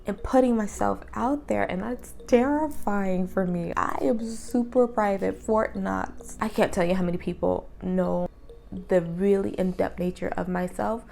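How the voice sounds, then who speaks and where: With a medium-pitched, gravelly and darkish voice at a measured pace, a young vlogger talks openly and earnestly to the camera in a personal vlog. She is reflective and drops to a whisper at times.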